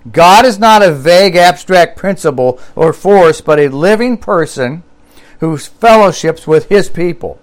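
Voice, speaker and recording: A male pastor preaching a sermon, reading scripture and quotes aloud and repeating key phrases with slow emphasis. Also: sits high, expressive.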